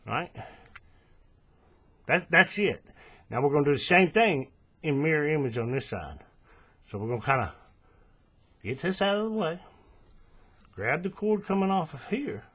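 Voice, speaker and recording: A man with a husky, slightly breathy voice walks through a craft step by step from his worktable. His pitch moves around a lot as he talks. He is relaxed, checks in with the viewer, and fixes his own slips, all picked up on the camera's mic. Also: normal speed, pauses often. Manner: relaxed, checks in with "right?" and self-corrects. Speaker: crafting tutorial host. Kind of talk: step-by-step hands-on instruction. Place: indoors at a table, working close to the camera.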